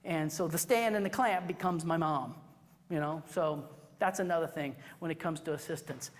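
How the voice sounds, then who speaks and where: A woman teaching a photography workshop to a live class, chatty and animated, acting out little quoted exchanges. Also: deep voice, moderate pace. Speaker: photography instructor. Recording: reverberant hall recording.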